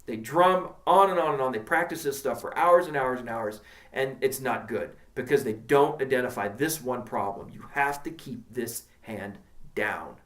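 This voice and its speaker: A man's voice: mid-range voice, normal speed, reverberant, a little hiss or hum. A man teaching a drumming lesson in a direct, encouraging way, counting strokes aloud as he plays. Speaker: drum teacher. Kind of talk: instructional video lesson.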